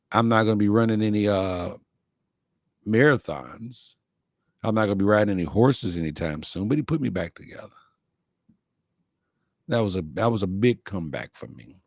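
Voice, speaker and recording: A man's voice: fairly low pitch, animated, moderate pace, long pauses, no echo, studio quality. A man hosting an inspirational show, speaking from the heart in folksy phrasing and repeating his key lines. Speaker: host of an inspirational livestream show. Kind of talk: heartfelt motivational talk.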